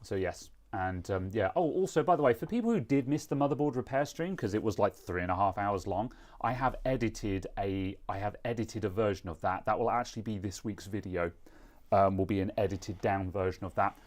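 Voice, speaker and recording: A man's voice: fairly low pitch, brisk, a little mellow. A British man hosting a live stream, chatting casually in a rambling, self-mocking way. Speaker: streamer host.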